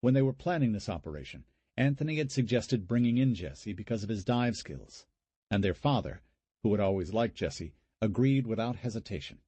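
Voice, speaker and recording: A man narrating a horror audiobook in a steady, measured way. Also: on the low side, slightly rough, dry recording. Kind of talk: scripted narration.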